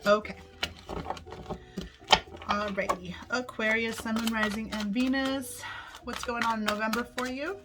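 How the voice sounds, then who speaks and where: A woman's voice: a little high, fairly even intonation, unhurried, long pauses. A woman giving a casual tarot forecast to her viewers, chatty and upbeat, swearing freely as she talks straight to them. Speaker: tarot reader. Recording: music playing under the voice. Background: background music.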